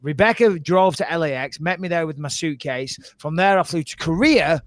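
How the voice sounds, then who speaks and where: A man co-hosting a podcast, telling an animated story and swearing freely. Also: on the high side, moderate pace, no echo. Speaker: podcast co-host. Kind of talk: casual podcast chat.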